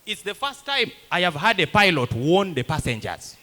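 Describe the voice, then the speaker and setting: A man's voice: high voice, normal speed. A man doing a stand-up comedy set, telling stories and acting out the voices of other people. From Uganda. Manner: animated storytelling that acts out other people's lines.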